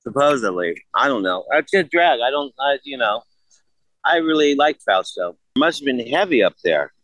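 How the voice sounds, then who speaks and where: A man's voice: medium pitch, very animated, moderate pace, a bit bright, no room sound, low-quality recording. An older man in a casual interview, blunt and profane, rambling through stories. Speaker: guest.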